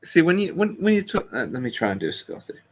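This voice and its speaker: A man's voice: on the high side, huge pitch swings, fast, low-quality recording. A British man chatting casually as co-host, telling wry self-deprecating stories. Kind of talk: casual chat.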